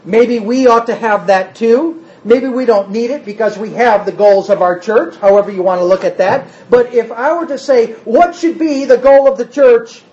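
A man's voice: high-pitched, normal speed, hardly any pauses, a little mellow, muffled recording. A man preaching a sermon, emphatic, firing rhetorical questions at the congregation and answering them himself.

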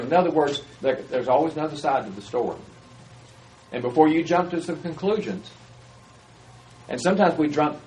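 This sermon comes from a man with a fairly high, darkish-toned voice, captured on a low-quality recording. He preaches in a conversational manner, frequently asking his audience questions.

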